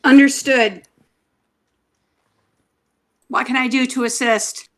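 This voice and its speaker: A woman at a tabletop game speaks in a high voice at an unhurried pace. Her in-character lines come out dry and measured. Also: steady tone, fairly bright tone. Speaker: player.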